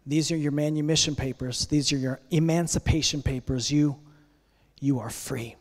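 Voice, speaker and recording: A male preacher voicing a kind, earnest gentleman who frees an enslaved woman, speaking slowly and tenderly in a sermon story. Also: a little high, fairly even intonation. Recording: long church hall reverb.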